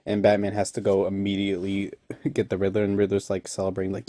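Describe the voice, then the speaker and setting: Young man, low mellow voice, rambling casual recap, chuckles a lot between thoughts. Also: flat delivery, fairly quick, no echo. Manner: rambling, laughs often, many fillers. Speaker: online reviewer.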